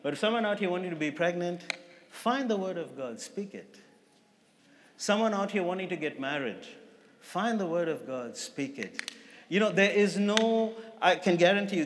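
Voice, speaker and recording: A man's voice: high-pitched, animated, moderate pace, a little hiss or hum. A man giving a sermon as guest preacher, talking casually with asides and self-corrections. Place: church hall. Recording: long reverb of a church hall.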